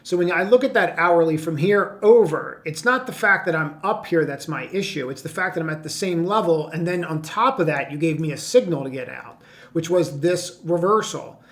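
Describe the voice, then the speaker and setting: Trading coach, male, a touch high-voiced, blunt and brash, off-the-cuff chart commentary. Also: normal speed. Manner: brash, blunt, conversational with many restarts. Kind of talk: screen-share market commentary.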